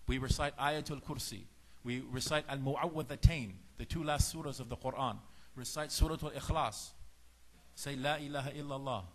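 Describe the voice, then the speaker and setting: Speaking at a normal speed with hardly any pauses, this medium-pitched man is a Farsi-speaking religious teacher lecturing on faith like a sermon. His storytelling is lively, and he performs each character's lines in changing voices.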